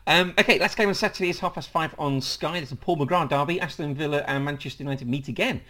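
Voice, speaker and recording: A man's voice: on the high side, fast, pushed and bright. A man with a Leicester accent hosting a casual football podcast, reading stats between frequent laughs and fillers. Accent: Leicester English. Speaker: podcast host.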